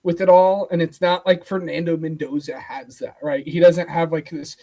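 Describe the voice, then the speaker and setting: A man's voice: a little high, flat delivery, moderate pace, dark tone. A man co-hosting a football podcast in casual chat, hesitant and full of fillers. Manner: hesitant, lots of "like" and "um". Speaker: co-host.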